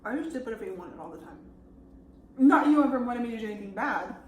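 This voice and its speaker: A young woman trades quick, upbeat banter with her friend while they eat. She talks fast in a slightly high voice. The room adds a clear echo. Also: expressive, darkish tone, slight background noise. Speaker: co-host friend. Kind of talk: casual mukbang chat. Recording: echoey room.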